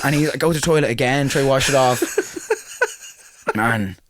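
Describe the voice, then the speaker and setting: A man's voice: mid-range voice, brisk, fairly bright tone, slight background noise. A young Irish man in his twenties, co-hosting a podcast, telling a story animatedly with frequent laughter and swearing. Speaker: podcast co-host. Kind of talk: casual chat.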